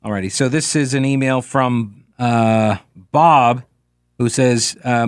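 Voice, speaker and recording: A man's voice: mid-range voice, big pitch swings, slow, a bit bright, no echo, studio quality. A man hosting a talk radio show. He reads out listener emails and answers them in a sarcastic, mocking way.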